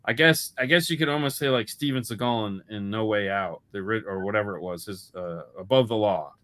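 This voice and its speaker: A man's voice: lowish voice, brisk, fairly bright tone. A man talking movies as co-host of a casual chat show. He rambles, swears freely and keeps restarting his sentences. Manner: rambling, profane, lots of restarts. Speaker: podcast co-host.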